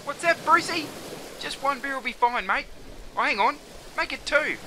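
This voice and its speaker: A man's voice: on the low side, lively intonation, normal speed, sharp tone, slight background noise, voice pushed down. A man voicing a laid-back, beer-loving Australian beach bloke with a broad drawl.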